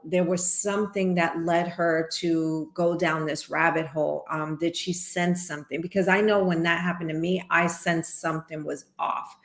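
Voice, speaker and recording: A middle-aged woman hosting a reaction video, talking through her thoughts in a reflective, casual way. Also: lowish voice. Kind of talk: casual commentary. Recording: roomy echo.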